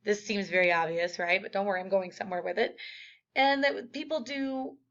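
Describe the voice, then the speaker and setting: A woman's voice: mid-range voice, brisk, a bit bright. A woman teacher giving a casual recorded lecture, with lots of fillers. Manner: casual, chatty, many fillers. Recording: dull lo-fi audio.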